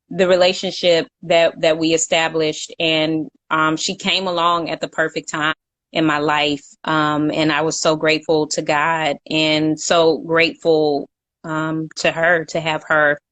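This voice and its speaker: This co-host is a young woman with a low-pitched but fairly bright voice, captured in a dry recording. Talkative and quick to laugh, she keeps the casual live chat going by reading out comments from viewers.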